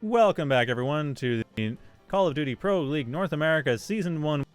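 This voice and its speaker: A man calling a mobile shooter esports match live, with quick play-by-play and casual banter. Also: a little high, lively intonation, smooth, no room sound, soft background music. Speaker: esports caster.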